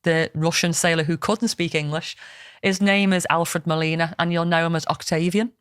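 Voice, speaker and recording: A woman's voice: fairly low pitch, level tone, moderate pace, fairly bright tone, clear, resonant tone, dry recording, studio quality. A woman, chatting casually as a podcast host and retelling a film plot with plenty of swearing. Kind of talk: casual storytelling chat. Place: podcast studio.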